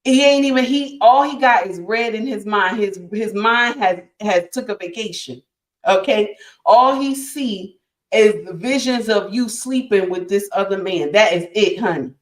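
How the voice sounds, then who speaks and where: A woman's voice: medium pitch, unhurried, roomy sound. A woman hosting a casual relationship talk to her live chat, emphatic and repetitive, calling listeners honey and my dear. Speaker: livestream host.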